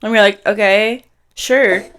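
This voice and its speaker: A woman in her twenties from Canada, co-hosting a podcast in casual chat, telling an animated story and acting out what people said. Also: mid-range voice, moderate pace, clean tone. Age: 20s. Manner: animated storytelling, acts out quotes. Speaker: podcast co-host.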